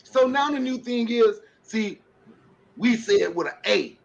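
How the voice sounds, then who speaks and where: On a podcast livestream with dull, lo-fi audio, a panelist with a very high, creaky voice speaks animatedly but a little slowly. He gives impassioned commentary, preaching with rhetorical questions.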